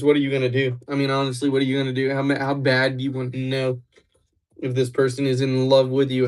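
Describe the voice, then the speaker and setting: A young man from Wisconsin hosts a live stream, chatting loosely with his viewers. He rambles and teases them by name. His voice sits at an everyday middle pitch. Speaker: livestreamer. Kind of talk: casual live chat with viewers.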